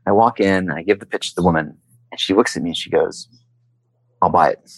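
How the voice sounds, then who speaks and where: A man's voice: low voice, fairly quick, gravelly, no room sound, poor audio. A man being interviewed, telling his story in a conversational way and acting out the voices he quotes. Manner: animated storyteller, acts out quotes. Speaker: interview guest, entrepreneur.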